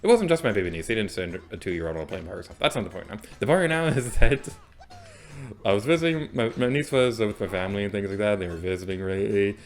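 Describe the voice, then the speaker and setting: A man's voice: lowish voice, fast. A young man hosting a let's play, rambling casually and self-deprecatingly about the game as he plays. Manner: chatty, rambling, self-deprecating, sudden loud outbursts. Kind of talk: casual gameplay commentary.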